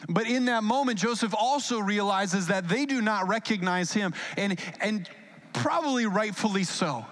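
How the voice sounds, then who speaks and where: A male pastor preaching a sermon in a casual, animated storytelling way, with asides to the congregation. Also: sits high, normal speed.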